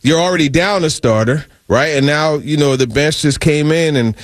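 Animated man on sports radio, dry studio sound. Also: on the high side, normal speed, no echo. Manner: animated, emphatic, repeats words. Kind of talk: casual sports talk.

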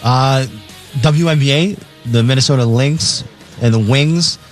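A man's voice: medium pitch, a little slow. Man, radio co-host, reads betting lines, matter-of-fact, faint music behind. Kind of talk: reading game lines on radio.

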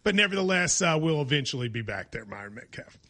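A man's voice: on the high side, sing-song, fast, pushed and bright. A man from Kentucky hosting a casual sports talk show, joking and laughing often. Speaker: sports radio host.

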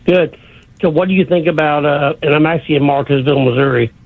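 A man's voice: a little high, fast, no echo. A man calling in to a sports radio show, asking casual, direct questions. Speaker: caller. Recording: tinny phone line.

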